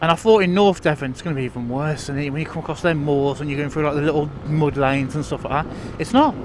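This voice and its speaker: High-voiced man rambling outdoors. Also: fast, a little hiss or hum. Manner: chatty, self-deprecating, full of restarts and fillers. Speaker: vlogger. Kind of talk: casual rambling monologue. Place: outdoors on country lanes, riding a bike.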